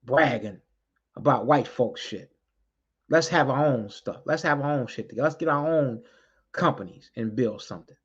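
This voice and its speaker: A man speaks in a fiery, preaching manner, hammering his points by saying them twice and swearing without holding back. His voice sits at an ordinary middle pitch. The recording is dull and lo-fi. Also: normal speed, husky. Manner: fiery, preaching, repeats key lines for emphasis; blunt, swears freely. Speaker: community activist addressing street groups. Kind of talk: impassioned spoken address.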